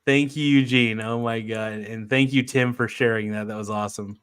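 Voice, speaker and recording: A man's voice: lowish voice, little pitch movement, normal speed, clean tone, dry recording, clean studio sound. A man hosting a casual livestream, reading viewer comments aloud and laughing often. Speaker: livestream host.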